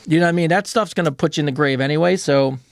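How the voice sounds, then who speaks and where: A man with a somewhat high voice talks frankly on a podcast, matter-of-fact and loose with swear words. His voice is recorded dry and close. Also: rapid-fire, dry recording. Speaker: co-host. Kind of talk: casual podcast chat.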